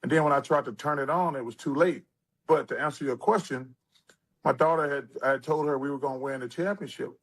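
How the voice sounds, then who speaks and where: A man in his sixties, an interview guest, telling stories in a casual, animated way with lively asides. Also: medium pitch, brisk. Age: 60s.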